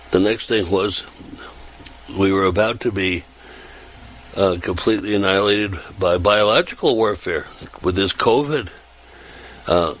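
A man in his seventies with a fairly low, breathy-edged voice rambles through a loose monologue. He meanders, repeating words and restarting sentences in an unhurried, conversational way. The recording quality is poor.

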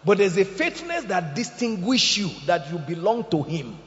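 A man preaching a sermon as pastor, animated, acting out quotes and jokes. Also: high-pitched, moderate pace. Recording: echoey hall, dull lo-fi sound.

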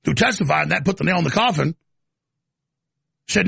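Gravelly ranting talk show host man. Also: a little high, animated, fairly quick, pauses often, pushed and bright, no echo. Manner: ranting, repetitive stammering restarts. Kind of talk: live talk show rant.

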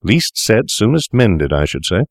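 A cynical young doctor brushes off a grim discovery in a storybook, as a male reader puts him on. He speaks coolly and dismissively in a deep, low voice. The sound is dry and close. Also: sing-song, measured pace, no room sound, exaggerated voice. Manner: cool, dismissive and worldly.

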